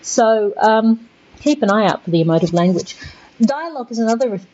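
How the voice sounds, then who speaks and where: A woman giving a recorded literature lecture over slides, chatty and halting, with many fillers and restarts. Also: on the high side, animated, warm tone, lo-fi sound, slight background noise. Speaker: literature teacher.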